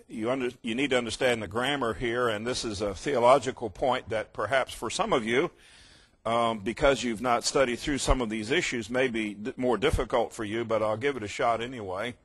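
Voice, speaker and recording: A man's voice: mid-range voice, moderate pace, fairly bright tone, slightly rough. An older man preaching a teaching sermon, patiently explaining verb tenses and checking that listeners follow. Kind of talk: sermon teaching on Greek grammar.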